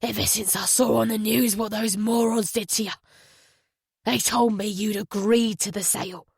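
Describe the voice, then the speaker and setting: A woman's voice: mid-range voice, fairly even intonation, moderate pace, gravelly, darkish tone, husky, no room sound, clean studio sound. A woman voicing a frightened wealthy man in an audiobook thriller, pleading and then heavy with resignation. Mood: resigned.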